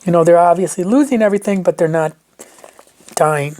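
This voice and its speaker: A woman vlogger chatting through a shopping haul in a gushing, chatty way, sometimes dropping into soft whispers. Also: fairly low pitch, brisk. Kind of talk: casual haul vlog chat.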